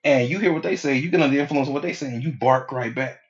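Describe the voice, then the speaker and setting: A man's voice: mid-range voice, racing, dull audio. A middle-aged man giving a casual, preachy motivational talk as a hypnotherapist, acting out quoted people as he goes.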